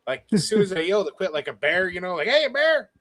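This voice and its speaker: 男性の語り手、生き生きと体験談を語る. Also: male voice, high-pitched, rapid-fire, low-quality recording. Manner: animated, quoting others in lively bursts. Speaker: guest. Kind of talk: casual storytelling.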